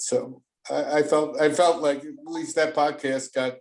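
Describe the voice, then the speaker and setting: A man's voice: on the high side, fairly even intonation, moderate pace, a little mellow, poor audio. An older man hosting a podcast as a therapist, talking in a rambling, folksy way and often repeating words. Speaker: host, therapist. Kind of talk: casual podcast chat.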